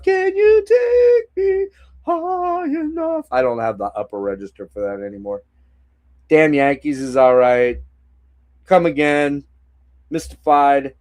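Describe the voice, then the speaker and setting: A man's voice: mid-range voice, smooth. Rambling, profane middle-aged man. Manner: rambling, profane, chatting to viewers. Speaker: collector streaming a haul show. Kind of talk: casual live-stream chat.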